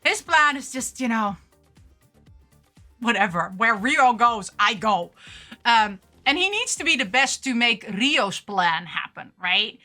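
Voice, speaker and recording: Casting: excitable woman vlogger, high and bright, gushing chatter. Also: takes it slowly, soft background music. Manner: excitable and gushing, gasps and laughs often. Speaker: vlogger unboxing anime figures. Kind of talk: casual chat.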